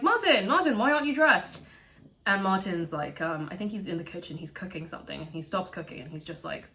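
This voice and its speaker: A woman casually recapping a film, animated and swearing freely as she acts out the characters' lines. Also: fairly low pitch. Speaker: video essayist.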